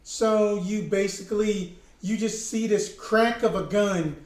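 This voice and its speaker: A man's voice: sits high, unhurried, a little mellow. A man running a tabletop horror game as keeper, narrating in a rambling way with lots of fillers. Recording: echoey room.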